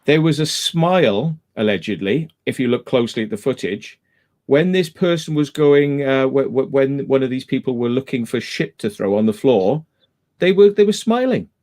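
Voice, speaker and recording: A man hosts a live stream in loose, casual conversation. He speaks at a middling pitch and makes his case emphatically, circling back to the same points again and again. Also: expressive, moderate pace, a little mellow. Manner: emphatic, repeats his points while retelling a dispute.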